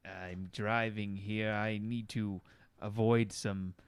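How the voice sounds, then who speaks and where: Casting: man, tabletop player, low smooth voice, hesitant and musing. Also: little pitch movement, takes it slowly, dry recording. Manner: hesitant, ponders aloud with fillers. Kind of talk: tabletop game play.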